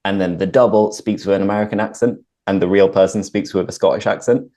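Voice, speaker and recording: A young British man hosting a relaxed conversation, often filling with "like". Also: sits low, fast talker. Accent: British English. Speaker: host. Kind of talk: casual conversation.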